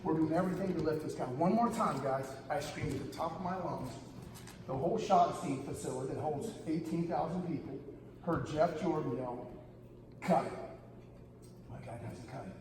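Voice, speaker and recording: A middle-aged male wrestling coach tells a story at camp, animated and emphatic, constantly calling his listeners "guys". His voice sits a little high. He is recorded from far off in a cavernous, reverberant gym, with steady room noise underneath. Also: fairly quick. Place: large gym hall. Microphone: camera far from speaker. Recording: echoey gym, distant camera, audible room noise.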